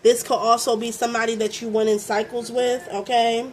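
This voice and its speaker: A woman's voice: on the high side, level tone, fairly quick, darkish tone, a little hiss or hum. A young adult woman from Baltimore with a Baltimore accent, doing a casual tarot reading. She talks with lots of fillers, keeps checking in with "okay?", and swears freely. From Baltimore, USA. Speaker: tarot reader.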